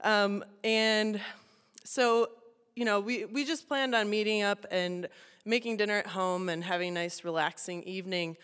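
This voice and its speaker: A woman's voice: medium pitch, fairly even intonation, normal speed, fairly bright tone, clean tone. A young woman telling a personal story to an audience in a chatty, self-mocking way, laughing often and filling with "you know". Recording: long hall reverb.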